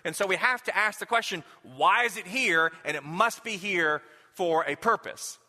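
Male pastor, sermon delivery, conversational and questioning, piercing bright tone. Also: high voice, moderate pace, long reverb tail. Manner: conversational, self-questioning preaching with repeated rhetorical questions. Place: church sanctuary.

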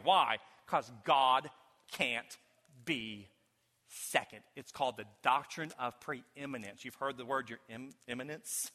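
A pastor preaching a sermon to his congregation, emphatic, swinging from loud declarations to hushed low lines. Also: slow pace. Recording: long hall reverb.

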